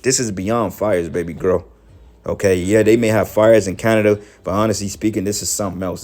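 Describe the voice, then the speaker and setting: A man giving heated, profane preaching commentary, scolding his listeners and rising to shouts. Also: fairly low pitch. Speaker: religious commentator.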